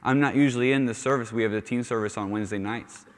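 A man's voice: medium pitch, steady tone, quick pace. A male youth pastor giving a conversational sermon, often restarting phrases and saying "you know". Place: church sanctuary. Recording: long reverb of a church hall.

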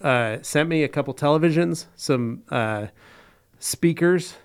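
Male podcast host, dry joker, relaxed and clear-voiced. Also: a little high, measured pace. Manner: dry, joking, relaxed delivery. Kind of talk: casual chat.

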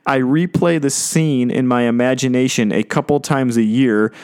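A man's voice: mid-range voice, normal speed, darkish tone, clean tone. A man preaching a casual sermon, chuckling often and asking his listeners questions. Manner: conversational, chuckles often, asks the audience questions. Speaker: pastor.

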